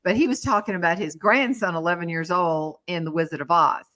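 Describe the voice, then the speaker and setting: A middle-aged woman hosting a casual chat, telling lively stories and breaking into bits of song. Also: on the low side, brisk. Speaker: talk show host.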